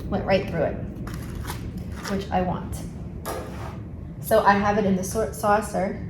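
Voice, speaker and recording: A woman with a New York accent talks viewers through plant care in a loose, chatty way, often stopping to correct herself. Her voice sits at an ordinary middle pitch. The room sounds echoey, and a steady background noise runs under her voice. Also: measured pace. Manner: chatty, with frequent fillers and self-corrections. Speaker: plant vlogger. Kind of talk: casual how-to vlog.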